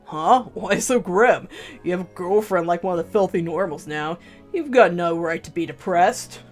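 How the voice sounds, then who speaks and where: Woman voicing a loud young otaku guy. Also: lowish voice, normal speed, soft background music, natural voice. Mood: casual. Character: excitable young male otaku friend. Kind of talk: reading a visual novel aloud.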